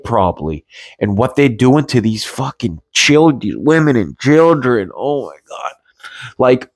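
A man's voice: medium pitch, no echo. A man from the United States ranting in agitated, profane commentary, often repeating himself as he talks into a podcast mic.

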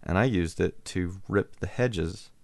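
Gravelly low-voiced man telling a story. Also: a little slow, no room sound. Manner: rambling, restarts sentences, chuckles often. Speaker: radio show host. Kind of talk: casual storytelling.

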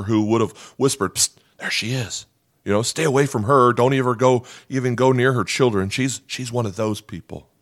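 A male pastor preaching a conversational sermon, asking rhetorical questions and voicing the people in the story. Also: medium pitch.

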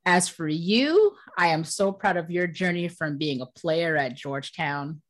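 Woman host, lowish voice, measured pacing, praising guests. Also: animated. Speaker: interview host. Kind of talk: interview hosting.

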